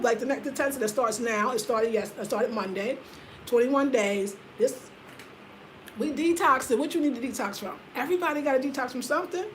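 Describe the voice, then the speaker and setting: A woman in her fifties talks straight to her viewers in a loose, slangy chat, full of energy. Her voice sits a little high, and she swings between loud, laughing bursts and quiet, low asides. A faint hiss hangs under the recording. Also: poor audio. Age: 50s. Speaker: vlogger. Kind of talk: casual chat to camera.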